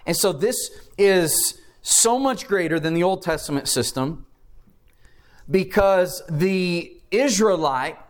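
A man with a fairly high voice delivers a sermon. He reads scripture and drives each point home with earnest, emphatic stresses. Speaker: preacher.

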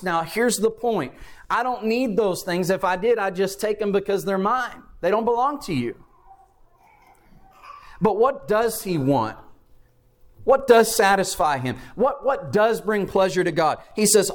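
Earnest high-voiced male preacher. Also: lively intonation, normal speed. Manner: earnest, emphatic, reads scripture aloud with rising and falling emphasis. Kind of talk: sermon.

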